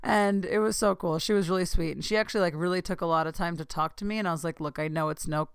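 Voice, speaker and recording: A young woman hosting a podcast, telling a long excited story in casual chat, gushing and saying "like" a lot. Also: fairly low pitch, quick pace, clear, resonant tone, dry recording, studio quality. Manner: gushing, excitable, says "like" often. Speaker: podcast host.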